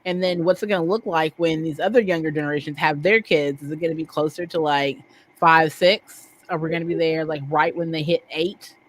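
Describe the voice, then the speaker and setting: A woman co-hosting a podcast in casual chat, animated and thinking aloud with rhetorical questions. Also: deep voice, fairly quick, poor audio. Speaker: podcast co-host.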